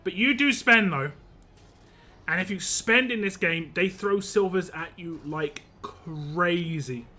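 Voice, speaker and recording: A man's voice: high voice, lively intonation, slow pace, sharp tone. A young man streaming a game live, chatting casually with viewers, rambling and laughing often.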